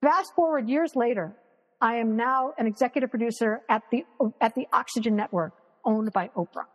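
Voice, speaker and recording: A woman's voice: a little high, moderate pace, big-room sound, low-quality recording. A woman guest on a video call, telling stories animatedly, acting out what people said, and swearing freely. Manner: animated, acts out quoted voices, swears freely. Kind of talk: casual interview storytelling.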